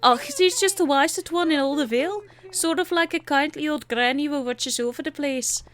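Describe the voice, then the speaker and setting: A woman's voice: high voice, animated, normal speed, fairly bright tone. A woman voicing a spirited young Scottish princess with an exaggerated put-on Scottish accent, reading game dialogue aloud. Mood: earnest.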